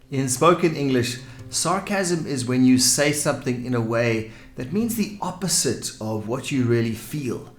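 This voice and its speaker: A man teaching English vocabulary in a clear, explanatory way, giving example sentences. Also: medium pitch, lively intonation, a little slow. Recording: echoey room with soft music.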